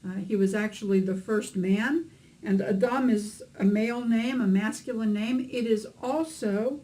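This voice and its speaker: Lady teacher walking through letter sounds slow and patient, says uh a lot. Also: medium pitch, warm tone, low-quality recording. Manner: patient, explains sounds slowly with fillers. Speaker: Hebrew reading teacher. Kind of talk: instructional lesson narration.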